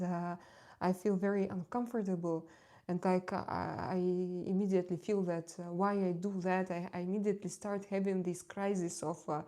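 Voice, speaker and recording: A dark-toned, mid-range female voice belongs to a tarot reader on her live stream. Her chat is casual, candid and confiding; she laughs easily, and she often pauses or says words twice as she searches for them.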